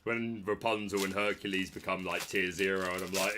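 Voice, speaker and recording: A man, hosting a card-opening video with jokey, excitable commentary and bursts of shouting. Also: low-pitched, fairly quick, slight background noise. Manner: excitable, jokey trash talk with sudden shouts. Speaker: trading card channel host. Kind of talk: casual pack-opening commentary.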